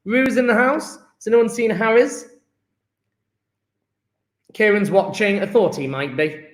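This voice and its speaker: Upbeat high-voiced male teacher. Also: big pitch swings, a little slow, roomy sound. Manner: upbeat, joking, chatty with students. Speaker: chemistry teacher. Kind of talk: live online lesson, chatty register.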